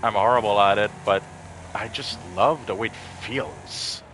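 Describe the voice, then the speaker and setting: A man's voice: lowish voice, measured pace, a bit bright, slight background noise. A man streaming a racing game, chatting casually, rambling and swearing freely. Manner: laid-back, rambling, swears freely, emotional when thanked. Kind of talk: casual live-stream chat while gaming.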